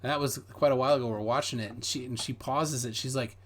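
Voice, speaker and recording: A man's voice: medium pitch, fairly even intonation, fast talker. A man from Minnesota, hosting a casual live stream and reading viewer comments aloud. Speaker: host reading chat.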